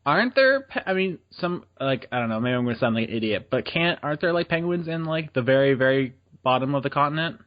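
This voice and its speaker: A man in a casual podcast chat who laughs a lot and pushes back with dry, skeptical replies. His voice is mid-range in pitch. The audio is muffled and lo-fi. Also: lively intonation, fast talker, hardly any pauses. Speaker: podcast co-host.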